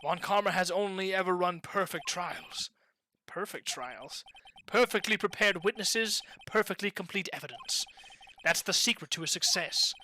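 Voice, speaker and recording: A streamer voicing a calm, smug young male prosecutor in measured tones. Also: mid-range voice, a little hiss or hum, lightly acted, low-quality recording. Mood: scheming.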